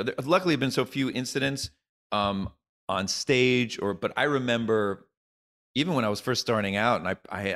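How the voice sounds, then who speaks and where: A man's voice: on the low side, fairly bright tone. A middle-aged man, a comedian guest, talking in a rambling, joking way full of restarts and asides. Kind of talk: casual interview chat.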